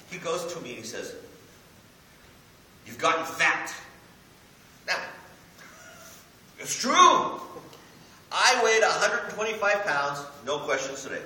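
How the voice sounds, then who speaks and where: Middle-aged male pastor, lively joking sermon delivery, bright voice, echoey sanctuary heard from a distance. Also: on the high side, slight background noise. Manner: animated, joking, preacherly. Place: church sanctuary. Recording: echoey church hall, mic from a distance, faint ambience.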